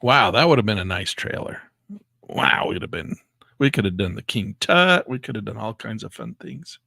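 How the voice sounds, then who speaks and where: A man giving excitable live commentary on his day trades, talking to himself and exclaiming as prices move. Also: lowish voice, moderate pace, creaky, no room sound, studio quality. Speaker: day trading educator.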